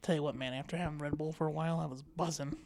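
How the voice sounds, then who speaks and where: A man's voice: on the high side, fairly even intonation, rapid-fire, vocal fry, a little mellow, a little hiss or hum. A man chatting as a podcast guest in a hotel room, cracking crude jokes and swearing often. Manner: crude, joking banter with frequent swearing. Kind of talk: casual chat.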